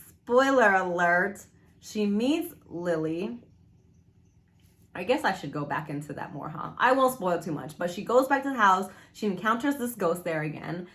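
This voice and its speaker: A young adult woman casually reviewing a book from her room at home, chatty and animated, easily spooked, with lots of fillers. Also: fairly low pitch.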